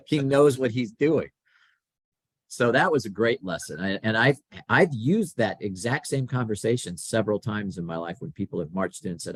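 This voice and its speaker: Middle-aged male guest, lowish voice, dry close mic, lively storyteller. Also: moderate pace, husky, dry recording. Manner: animated, acts out quoted dialogue. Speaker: podcast guest. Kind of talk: conversational storytelling.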